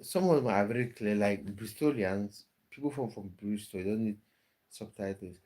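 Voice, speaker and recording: Hosting a casual live chat, a man with a fairly low, darkish voice talks at a normal speed. He reads viewers' comments aloud and tends to repeat words as he restarts.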